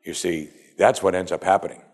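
A man preaching a sermon, animated, swinging between loud exclamations and quiet asides. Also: sits low, brisk, breathy edge. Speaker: pastor.

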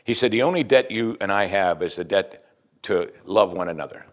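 Conversational male pastor, slightly low voice. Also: normal speed. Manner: conversational, repeats "you see", frequent restarts. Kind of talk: sermon.

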